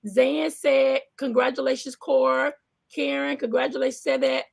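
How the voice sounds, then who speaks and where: A woman from the American South who hosts a talk show and pastors a church. She chats casually on a live stream, animated and exclamatory, reading out viewer comments. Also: sits high, moderate pace, vocal fry, husky.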